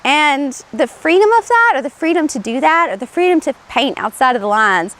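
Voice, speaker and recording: Middle-aged woman host, somewhat high voice, earnest and chatty delivery to camera. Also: very animated, a little fast, a bit bright. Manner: conversational and earnest, with light laughs and restarts. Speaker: TV show host; former play therapist. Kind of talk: casual instructional talk to camera.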